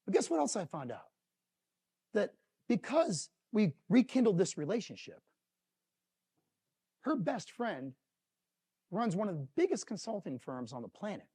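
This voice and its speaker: A middle-aged man giving a live motivational talk to a company audience, telling emotional stories and swinging from loud to hushed. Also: sits high, wildly swooping pitch, normal speed, long pauses, slightly rough. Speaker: motivational speaker.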